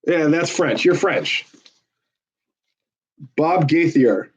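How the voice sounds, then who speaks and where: This phone bank volunteer draws out his words in a husky, slightly high voice with lively intonation. Making calls during a casual livestream, he banters with callers and viewers in a jokey, persuasive salesman manner. The sound is dull and lo-fi.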